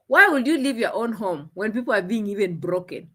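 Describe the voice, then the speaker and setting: A woman's voice: medium pitch, animated, a little fast, hardly any pauses, fairly bright tone. A woman giving opinionated commentary, scolding with rhetorical questions and dramatic repeats. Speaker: commentary vlogger.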